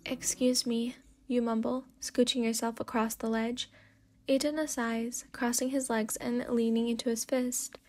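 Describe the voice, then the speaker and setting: A woman softly reading a second-person story in a sleepy whispered role-play. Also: fairly high pitch, level tone, normal speed. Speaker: fanfic reader.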